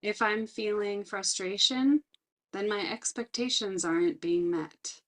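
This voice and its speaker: A middle-aged woman talks earnestly about her own experience while teaching resilience skills. Her voice sits at a middle pitch. She slows down deliberately to lean on the important words. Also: a bit bright. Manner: reflective, earnest, slows down to stress key words. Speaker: resilience trainer. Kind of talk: personal talk with teaching.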